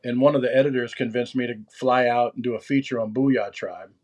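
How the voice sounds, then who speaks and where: A man's voice: medium pitch, fairly even intonation, a little fast, a little mellow. A man in his fifties, an interview guest, talking in a loose, rambling way with many restarts. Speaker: interview guest, former magazine writer. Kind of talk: casual interview chat.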